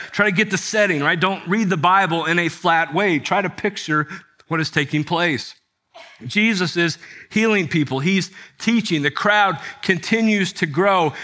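A male pastor delivers a sermon in a bright, slightly high voice. He talks conversationally, posing rhetorical questions to his listeners and explaining scripture. His tone is forceful and clear. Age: adult with children.

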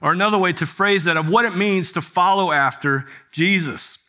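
A male pastor delivers a sermon in a bright, slightly high voice. He talks conversationally, posing rhetorical questions to his listeners and explaining scripture. His tone is forceful and clear. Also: normal speed. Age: adult with children.

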